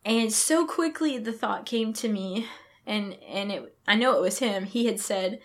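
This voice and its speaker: A woman's voice: medium pitch, expressive, unhurried. A young pregnant woman telling a heartfelt personal faith story as a podcast guest, acting out the words of others as she goes. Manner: earnest, reenacts her own thoughts and others' words. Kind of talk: emotional personal testimony.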